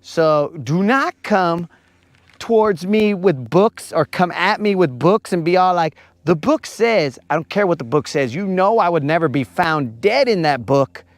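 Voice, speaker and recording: A man's voice: sits high, lively intonation, unhurried, dry recording. Playful slangy man fishing on a lake. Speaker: fishing livestream host. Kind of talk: joking banter with chat.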